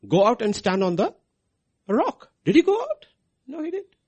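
A man's voice: very high voice, huge pitch swings, normal speed, darkish tone, breathy edge, highs cut off. A man preaching a sermon, asking his listeners questions and answering them himself.

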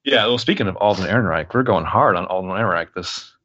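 Podcast co-host, wry and jokey, very lively pitch, dry lo-fi sound. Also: quick pace. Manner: wry, jokey, animated storytelling. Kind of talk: casual chat.

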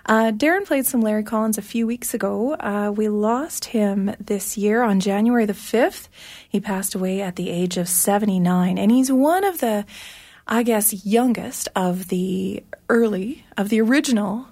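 Chatty woman radio host, slightly hoarse. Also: medium pitch, moderate pace, darkish tone. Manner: chatty, rambling, lots of fillers. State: slightly hoarse, losing her voice. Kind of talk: casual radio DJ chat between songs.

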